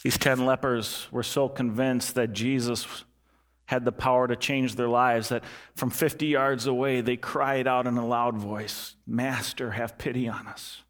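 A man delivers a heartfelt sermon as a pastor, circling back to important phrases and sinking into a quiet, low tone for emphasis. His intonation stays fairly even at a measured pace.

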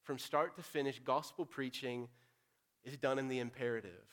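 A pastor preaching an earnest, direct sermon, moving between loud urging and quiet, pressing appeal. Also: male voice, mid-range voice, a little fast.

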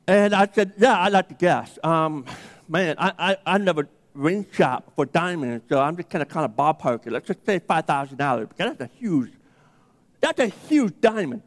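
A man's voice: on the high side, expressive, normal speed. A man preaching a sermon, telling a personal story and acting out the dialogue. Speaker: pastor. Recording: long hall reverb.

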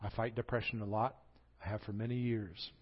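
A man's voice: on the low side, level tone, a little fast, lo-fi sound. A man with a Southern American accent preaching a sermon as pastor, telling the story with animation and acting out the quoted voices.

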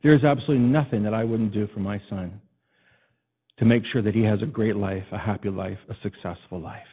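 A middle-aged male pastor preaching a sermon, telling personal stories with self-deprecating laughs and swinging between loud emphasis and soft, tender passages. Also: lowish voice, a little fast, husky, muffled recording.

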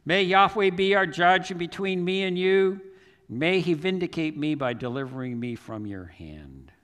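A man's voice: a little high, animated, moderate pace, a bit bright, in a large hall, pitched above the performer's own voice. A preacher voicing a young male warrior-king who pleads earnestly and declaims his innocence. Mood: indignant. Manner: impassioned, declaiming.

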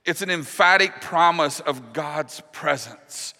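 A male pastor delivering a sermon in a bright, forceful voice pitched a little high. He preaches earnestly, sinking to a hushed, slow voice on the promises he wants to land. His words ring out with a long reverb, as in a large hall.

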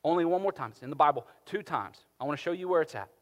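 Pastor, male, fairly high voice, animated, swinging loud to hushed, reverberant church hall. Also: quick pace. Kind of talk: sermon.

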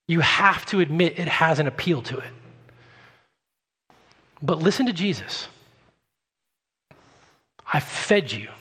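A male pastor preaching a sermon emphatically, rising loud and dropping quiet. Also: sits high. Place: church sanctuary. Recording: long hall reverb.

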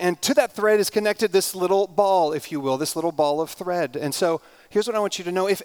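A man quoting a wise fairy grandmother, an old woman, calmly instructing a little girl while retelling a children's story. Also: sits high, smooth, close to an everyday voice.

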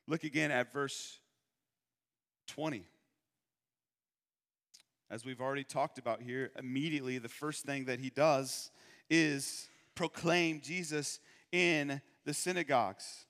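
A man from Michigan preaching a sermon, asking rhetorical questions and slowing down to repeat his key points. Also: fairly high pitch, a bit bright. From Michigan, USA. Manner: rhetorical questions, emphatic slowed repetition. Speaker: pastor. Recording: long hall reverb.

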